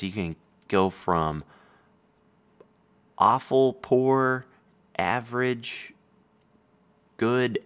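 A man's voice: deep voice, a bit bright. A man casually explaining his gameplay setup and joking with a co-player. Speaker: gaming video host.

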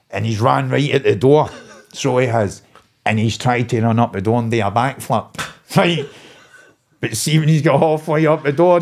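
A Glaswegian man from Scotland, a podcast guest telling a prison anecdote with lively, laughing delivery in broad dialect. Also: mid-range voice. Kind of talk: anecdotal storytelling.

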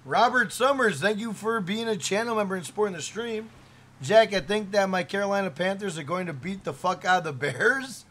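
A man's voice: sits high, lively intonation, fairly quick, fairly bright tone. A man live-streaming a game, chatting casually, swearing and joking as he reads out viewer messages.

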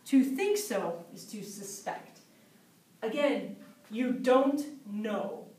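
A woman's voice: fairly high pitch, expressive, slow pace, dark tone. A woman teaching English vocabulary, patiently repeating example phrases in a class setting. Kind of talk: explaining vocabulary. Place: English conversation class room. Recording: roomy sound from a distant mic.

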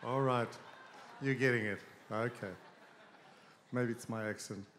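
A man speaking on stage at a conference, easygoing and joking, pausing with fillers before introducing his wife. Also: medium pitch, steady tone, fairly bright tone. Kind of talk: stage talk with joke and announcements. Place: large conference hall with audience. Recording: long hall reverb, faint crowd noise.

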